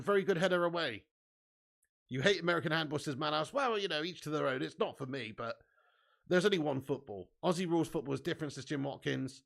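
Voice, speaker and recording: A man hosting a live football watch-along, excitably commentating and reading out viewer comments with casual swearing. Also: on the high side, a little fast, creaky.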